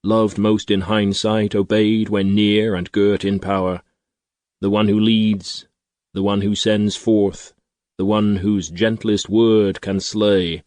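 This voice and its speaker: Male audiobook narrator, low pitch, dry studio sound, measured storyteller. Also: darkish tone, no room sound. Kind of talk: scripted narration.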